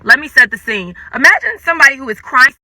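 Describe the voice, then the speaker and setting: A young woman telling a personal story in a casual storytime, animated and dramatic, acting out the quotes. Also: high voice, fast, dry recording. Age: young adult.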